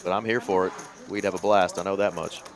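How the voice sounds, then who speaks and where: A middle-aged man doing relaxed, chatty live commentary on a poker cash game. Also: low voice, quick pace. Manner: chatty, easygoing, folksy asides. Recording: card room crowd chatter behind. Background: crowd chatter.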